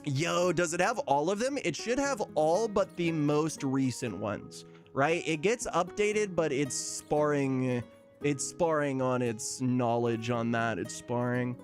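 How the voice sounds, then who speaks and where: A man's voice: a little high, animated, slow pace, soft background music. A man streaming casually, chatting with his viewers, laughing often and reading out their messages. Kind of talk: casual live-stream chat.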